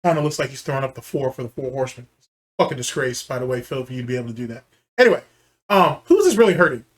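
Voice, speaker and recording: A man's voice: mid-range voice, animated, rapid-fire. A man hosting a commentary channel, ranting in a heated, profane and scornful way while reacting to a clip.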